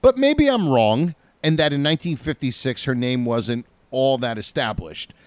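Male podcast co-host, lively pitch, dry close mic, laughs easily. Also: moderate pace, dry recording. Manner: laughing, enthusiastic. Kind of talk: casual chat.

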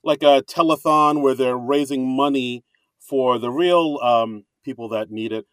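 A man co-hosting a casual comedy podcast, chatty and rambling, quick to laugh. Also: mid-range voice, fairly bright tone, no room sound. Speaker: podcast co-host.

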